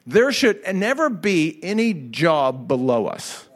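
In a church hall, a middle-aged pastor delivers a lively but personal sermon to his congregation. His voice is slightly high and his pace slow, and he tells his story animatedly, laughing easily as he goes.

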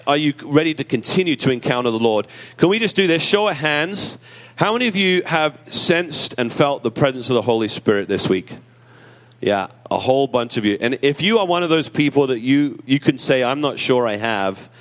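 A man preaching a sermon in an emotional, conversational way with self-deprecating humor, rising in pitch when he reads scripture aloud. He is close to tears. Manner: rises in pitch and emphasis when reading scripture. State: tearful. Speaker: pastor.

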